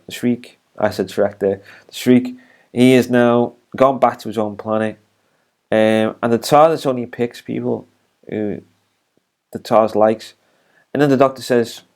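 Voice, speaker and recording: A man talks through a TV episode in an unscripted review. His voice sits at an ordinary male pitch, and he rambles along with plenty of ums and false starts. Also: a little mellow. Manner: rambling, with many fillers and restarts. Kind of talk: unscripted spoken episode recap.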